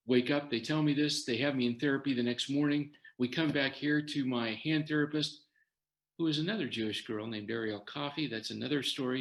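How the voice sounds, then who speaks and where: Older male guest, mid-pitched, animated storyteller in a talk. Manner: animated storyteller quoting others' words. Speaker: guest sharing his story.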